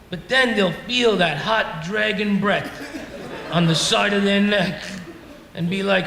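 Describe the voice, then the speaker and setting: Reverb from an echoey club room surrounds this middle-aged comic, whose high voice has vocal fry and a measured pace. Crowd noise and laughter accompany his exasperated, self-deprecating stand-up rant on stage.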